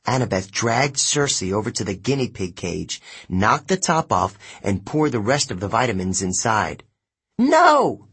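A man narrating an audiobook in the first person, expressive and unhurried. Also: fairly low pitch, husky.

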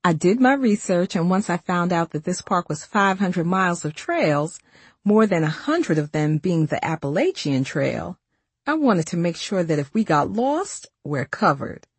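A woman reading a first-person novel aloud in a steady, conversational way. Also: lowish voice, unhurried, breathy edge, dry recording. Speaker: audiobook narrator.

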